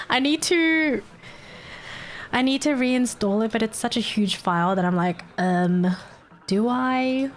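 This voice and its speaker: A woman's voice: a little high, slow pace, long pauses, slight background noise. Woman streamer venting, swearing freely. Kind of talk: casual chat with viewers.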